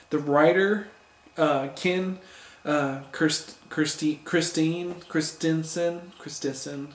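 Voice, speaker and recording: Male comic reviewer, fairly high voice, gushing and rambling, recorded in a roomy space. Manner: enthusiastic, rambling, stumbles over names. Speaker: comic book reviewer on a video channel. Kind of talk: casual spoken review. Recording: echoey room.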